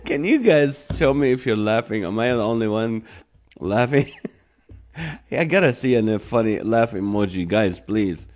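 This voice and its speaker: A man's voice: medium pitch, very animated, measured pace, darkish tone. A male live-stream host reading out joke comments, laughing helplessly between lines. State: laughing to tears.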